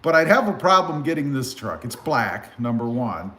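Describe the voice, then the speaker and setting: A man from South Texas hosting a casual car livestream on a phone, reading viewer comments in a relaxed, rambling way. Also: mid-range voice, normal speed. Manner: relaxed, rambling with many fillers. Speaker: car channel host. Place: live stream over phone.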